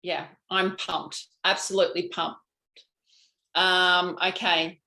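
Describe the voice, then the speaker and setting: A woman's voice: fairly low pitch, flat delivery, takes it slowly, bright, forceful tone, low-quality recording. Bubbly Australian woman hosting a live stream. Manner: bubbly, chatty, frank. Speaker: host, lymphatic health practitioner. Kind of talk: live-stream chat answering viewer comments.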